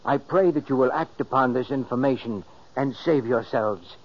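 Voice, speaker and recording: A man's voice: medium pitch, normal speed, lightly acted. An actor playing a puzzled man who finds he wrote a letter in his sleep, in 1940s radio acting. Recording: dull, noisy 1940s radio broadcast.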